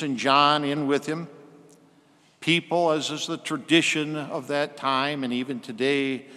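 A man preaching a sermon, slowing and softening his voice when he quotes scripture. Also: medium pitch, in a large hall.

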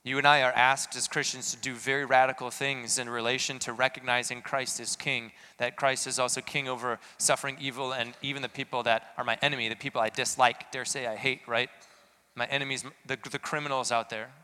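Bright, clear-voiced man preaching in a hall. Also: mid-range voice, flat delivery, fairly quick. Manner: earnest, questioning, rises to emphatic peaks. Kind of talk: sermon.

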